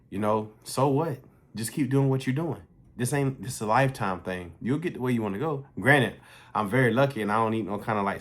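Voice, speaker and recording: A man talking casually and bluntly to his viewers in a vlog, swearing freely as he tells a story. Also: fairly low pitch. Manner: blunt, profane, conversational. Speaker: fitness coach.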